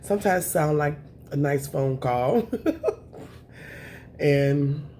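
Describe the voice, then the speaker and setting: A woman, chatting to camera on her eating show, emotional and thankful, with a voice that is raspy at times. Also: low voice, slow, warm tone, a little hiss or hum. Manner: emotional, thankful, says y'all often. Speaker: mukbang vlogger.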